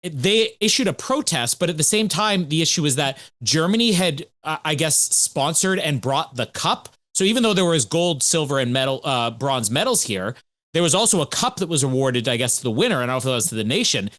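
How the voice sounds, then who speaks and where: A man co-hosting a podcast, his voice sitting a little high and moving a lot as he tells stories. He talks in an animated, chatty way. The sound is dry and close. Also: brisk, no room sound. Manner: animated, chatty storytelling with laughs. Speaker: podcast co-host. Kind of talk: casual podcast chat.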